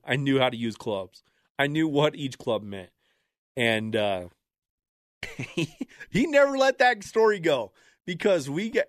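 A man hosting a podcast alone, telling a casual story with laughter and animated, acted-out quotes. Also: mid-range voice, dry recording, clean studio sound. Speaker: radio producer and podcast host.

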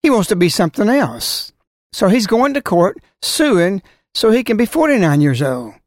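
A man's voice: high voice, sing-song, normal speed, dry recording, clean studio sound. A man giving a scolding religious talk, full of rhetorical questions and warnings. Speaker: religious speaker. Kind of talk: preaching talk.

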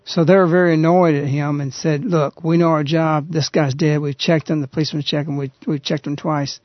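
A man's voice: a little high, flat delivery, a little fast, no echo. Earnest man retelling a story on radio. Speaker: radio show host. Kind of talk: casual storytelling on a radio talk show. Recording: dull, lo-fi radio recording.

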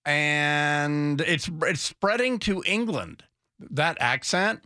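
Bright, rambling talk radio host man. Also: fairly high pitch, expressive, smooth, dry recording, clean studio sound. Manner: rambling, halting, with many restarts and fillers. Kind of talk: opinionated talk radio banter.

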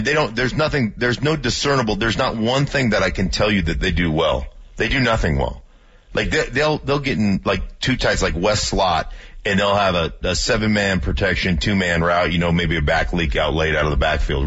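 A man's voice: deep voice, normal speed, a bit bright, husky. A man hosting a sports talk radio show, chatting casually with a teasing, blunt manner. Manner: teasing, laughs easily, blunt opinions. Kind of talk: casual chat. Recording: dull lo-fi radio audio.

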